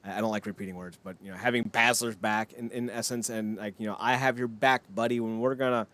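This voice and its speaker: A man's voice: lowish voice, steady tone, quick pace, a bit bright, no echo. A man co-hosting a wrestling podcast, casual chat, opinionated, rambling and jokey. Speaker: podcast co-host.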